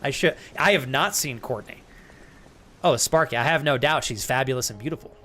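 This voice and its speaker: A man's voice: mid-range voice, fairly quick, bright, forceful tone. A man live-streaming a game, joking crudely with chat and thanking viewers as he plays. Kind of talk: live gaming stream banter.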